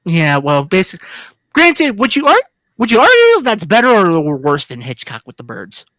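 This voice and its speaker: A woman's voice: medium pitch, wildly swooping pitch, normal speed, a bit bright, dry recording. A woman co-hosting a film review podcast, talking casually in a rambling, jokey, crude way with many restarts. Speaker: podcast co-host.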